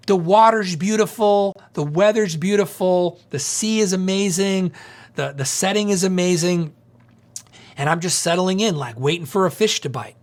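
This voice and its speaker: A male pastor preaching through a story in an animated, conversational way, often asking the audience questions. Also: high voice, slight background noise. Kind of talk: storytelling sermon.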